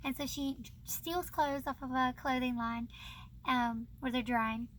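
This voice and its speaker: A woman's voice: high voice, steady tone, a little slow, fairly bright tone. A young woman hosting her book channel, chatting casually and bubbly, laughing often. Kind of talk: casual chat about books.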